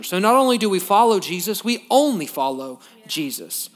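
Man preaching, higher-pitched voice, reads scripture then explains it to the congregation. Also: lively intonation, normal speed. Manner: drops to a soft, low voice in prayer. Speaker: pastor. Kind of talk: sermon with scripture reading and prayer.

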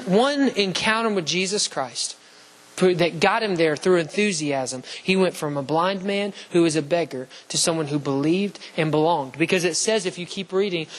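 Impassioned high-voiced male preacher. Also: animated, normal speed, poor audio. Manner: impassioned, rising to near shouts on key phrases; repetitive rhetorical lists and questions. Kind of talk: sermon.

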